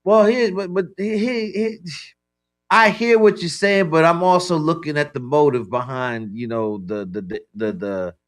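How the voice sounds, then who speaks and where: A man co-hosts a talk radio show, trading views in a loose debate at a moderate pace with a slightly high voice. He trips over repeated words and keeps saying "you know what I'm saying."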